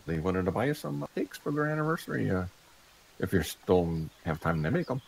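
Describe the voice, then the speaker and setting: A man's voice: sits low, big pitch swings, fairly quick, gravelly, a little hiss or hum, rough recording. A man playing in a tabletop game, speaking in character in a casual, offhand way. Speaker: player.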